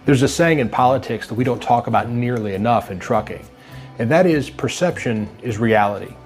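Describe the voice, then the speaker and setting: A man giving a scripted motivational talk to trucking managers, speaking in a steady, instructive and emphatic way. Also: mid-range voice, a little fast, soft background music.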